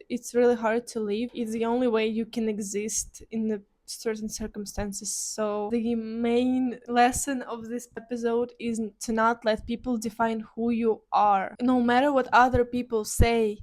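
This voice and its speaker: A woman vlogger talking earnestly and from the heart in a personal reflective monologue, pausing and restarting as she goes. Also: on the high side, steady tone, darkish tone.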